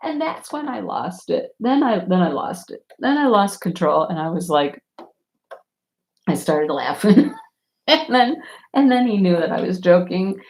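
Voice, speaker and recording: A woman vlogger telling stories in a casual chat, animated and often laughing. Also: medium pitch, a little slow, long pauses.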